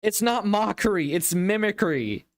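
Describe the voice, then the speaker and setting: A man's voice: high voice, animated, a little slow, a crowd in the background. A man hosting a livestream, giving casual reaction commentary in an incredulous, exasperated way and laughing often.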